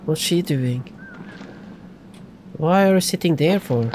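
A man doing let's play commentary, excitable and laughing often, dropping from loud yelps to hushed talk. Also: fairly high pitch, slow pace, long pauses, heavy background noise. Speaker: gaming YouTuber.

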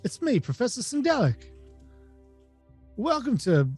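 A man's voice: huge pitch swings, measured pace, darkish tone, slightly rough, full character voice. A man voicing a cheerful male professor of magical creatures, talking in a folksy, chirpy way. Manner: chirpy, folksy, higher than his own voice. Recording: dry close mic, faint music.

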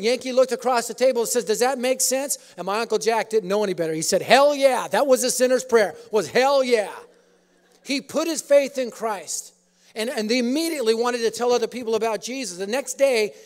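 A man preaching a sermon in an auditorium, telling a story with humor. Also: extremely high pitch. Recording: echoey auditorium.

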